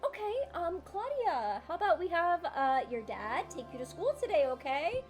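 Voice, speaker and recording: A woman's voice: very high-pitched, sing-song, normal speed, faint music behind, pitched above the performer's own voice. Woman doing a flustered bubbly mom. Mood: coaxing. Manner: bubbly, easily distracted.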